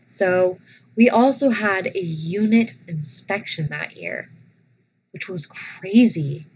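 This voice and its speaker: A young woman vlogger casually telling personal stories, animated and dramatic, often restarting her sentences. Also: medium pitch, slow pace, slightly rough, poor audio.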